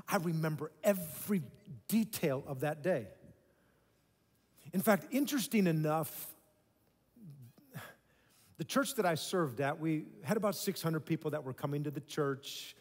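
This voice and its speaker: Emphatic male pastor in a reverberant hall. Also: on the high side. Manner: emphatic, conversational preaching with dramatic pauses. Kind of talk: sermon. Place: church sanctuary.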